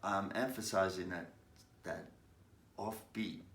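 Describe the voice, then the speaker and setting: A man giving a casual guitar lesson, talking haltingly with many fillers, stopping to demonstrate strums. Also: deep voice, fairly even intonation. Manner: slow, halting, frequent fillers, sings snatches of lyrics. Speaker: guitar teacher. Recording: roomy sound, distant mic, loud guitar.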